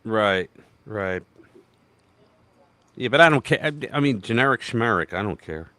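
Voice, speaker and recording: Animated man hosting a political chat. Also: fairly low pitch, a little slow, no echo. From United States. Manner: animated, emphatic, talks over himself with restarts and quoted voices. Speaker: political livestream host.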